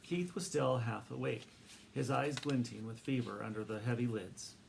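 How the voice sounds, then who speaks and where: A man narrating a children's book aloud in a steady, expressive reading voice. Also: medium pitch, normal speed, gravelly, slight background noise.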